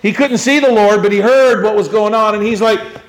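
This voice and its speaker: Man, pastor, sermon, slightly high voice, echoey room, earnest, hushed to loud. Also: moderate pace. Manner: swings from hushed to loud, earnest with frequent restarts.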